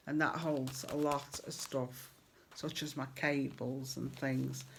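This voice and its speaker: A woman's voice: low-pitched, vocal fry, a little hiss or hum. A middle-aged English woman chatting casually to her viewers as a crafting vlogger, rambling with fillers and friendly asides.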